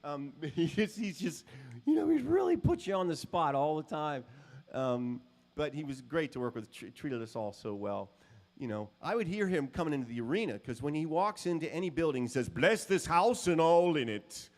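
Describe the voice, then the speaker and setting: A man's voice: a little high, sing-song, moderate pace, darkish tone. Casual, rambling male guitarist telling stories. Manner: casual and rambling, with many "um" and "you know". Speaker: guitar clinician. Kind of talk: storytelling talk to a live audience. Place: music store clinic.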